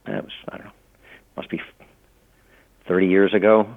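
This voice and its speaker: Low-voiced man talking over a phone line. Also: level tone, moderate pace, vocal fry. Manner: rambling, many restarts and fillers. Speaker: author and law professor, guest. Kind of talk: casual interview talk. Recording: tinny phone-line audio.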